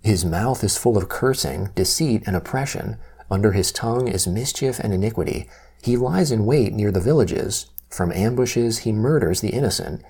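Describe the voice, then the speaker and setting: A man reading scripture aloud at a measured, steady pace. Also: on the low side, breathy edge. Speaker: scripture reader.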